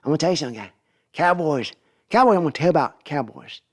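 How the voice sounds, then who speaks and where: A man's voice: fairly high pitch, animated, fast talker. A man voicing a blustery older football team owner with a swaggering, repetitive drawl. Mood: boastful.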